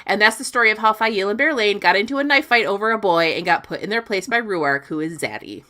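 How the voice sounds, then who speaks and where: A woman's voice: mid-range voice, expressive, sharp tone. A woman podcast host giving a profane, comedic recap of a book chapter, with voiced quotes. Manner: profane, sassy, quick retelling with voiced quotes.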